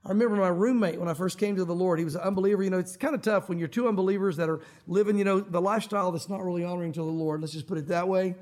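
High-pitched middle-aged guy preaching, animated, does little voices for the people he quotes. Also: racing, few pauses. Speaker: pastor. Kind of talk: sermon.

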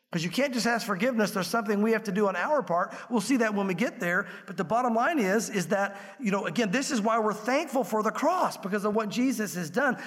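A pastor preaches in an animated way, playing out small scenes as he goes. His voice sits high for a man, and it rings with the long reverb of a large hall. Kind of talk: sermon.

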